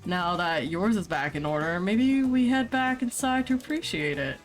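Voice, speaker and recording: A woman's voice: on the low side, expressive, moderate pace. A young woman streaming a dating game, reading the narration aloud in a playful, giggly way with joking asides. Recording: faint game music behind.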